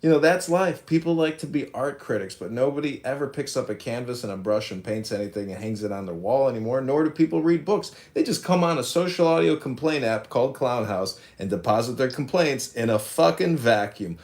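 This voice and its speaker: A man's voice: mid-range voice, brisk, hardly any pauses, a little mellow. A man hosting a social audio room, ranting brashly and mocking his critics from his office. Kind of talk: combative livestream rant. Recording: echoey room sound.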